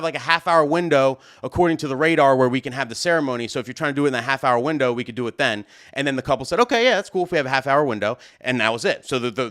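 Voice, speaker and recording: Brief: young male live-stream host, fairly high voice, loud and animated storyteller who plays every part. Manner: loud, animated, acts out both sides of the argument.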